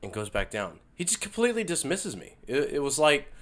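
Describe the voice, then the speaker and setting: A man's voice: fairly high pitch, big pitch swings, brisk, slight background noise. A man in his thirties hosting a casual book review monologue, with wry joking asides. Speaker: book review show host. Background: loud music.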